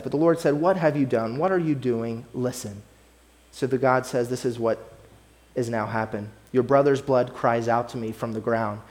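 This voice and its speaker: Pastor, man, mid-pitched voice; earnest conversational sermon, repeats key phrases. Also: darkish tone.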